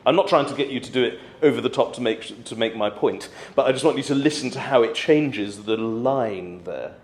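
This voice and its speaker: A man, coaching singers through a diction workshop in a calm, encouraging way. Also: medium pitch, a little fast, slight background noise. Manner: patient, encouraging coaching with sung demonstrations. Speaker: choir director leading a diction workshop. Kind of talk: singing workshop instruction. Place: hall at a conference. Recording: echoey hall.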